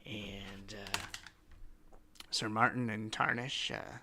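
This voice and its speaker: A man's voice: on the low side, steady tone, takes it slowly, bright, forceful tone, husky. A man narrating a tabletop game as game master, in a casual, loose style with many fillers.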